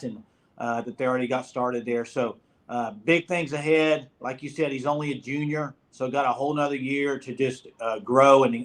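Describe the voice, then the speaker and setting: A young man co-hosts a casual college football recruiting chat. He speaks emphatically, addressing viewers directly with firm advice. His voice sits at a middling pitch. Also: a bit bright.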